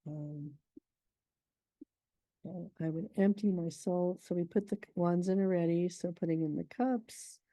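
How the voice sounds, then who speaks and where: A middle-aged woman teaching a poetry lesson in a deep, mellow voice, pitched a little low. She explains patiently and thinks aloud as she goes. The sound is dry and close. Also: measured pace, dry recording, rough recording. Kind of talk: explanatory lesson on poetic meter.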